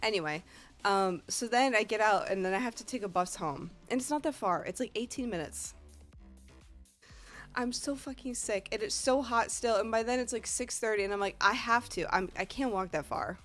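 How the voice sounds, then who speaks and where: A woman's voice: on the high side, normal speed, faint music behind. A woman with a Northeast American accent, a streamer telling a rambling, profane story in casual chat. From Northeast United States.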